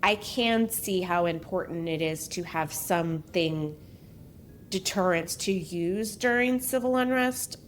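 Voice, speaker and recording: A woman's voice: on the low side, measured pace, slight background noise. A woman hosting a podcast, reading a true-crime story in a casual way and breaking off for joking asides. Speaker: podcast host.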